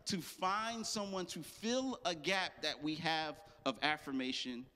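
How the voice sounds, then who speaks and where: A man's voice: on the high side, unhurried, sharp tone. A man preaching a sermon as pastor, casual and joking with slang asides. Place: church. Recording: long hall reverb.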